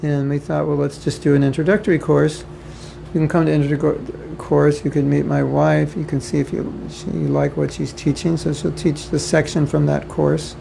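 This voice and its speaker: A man's voice: fairly high pitch, level tone, normal speed, vocal fry, mellow, a little hiss or hum, poor audio. A man from the United States giving an informal spiritual class, conversational with joking asides and frequent repetition. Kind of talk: informal lecture to devotees. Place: home or temple room, faint ambience behind.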